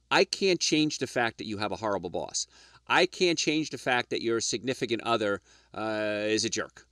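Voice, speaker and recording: Emphatic, animated male radio health host. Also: on the low side, moderate pace, no echo, studio quality. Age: middle-aged or older. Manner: emphatic, preachy, rhetorical questions, addresses "folks". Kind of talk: lecture-style health radio talk.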